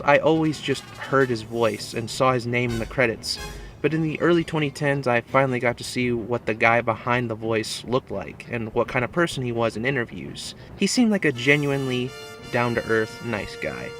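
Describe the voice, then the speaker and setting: A man's voice: medium pitch, sharp tone. A man reading a scripted tribute narration in an earnest, reflective way. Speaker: video essay narrator. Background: music.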